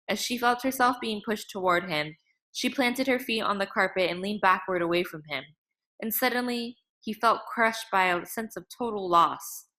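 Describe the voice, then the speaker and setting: A woman reading a novel aloud as an audiobook narrator, in a measured, dramatic way. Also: medium pitch, pushed and bright.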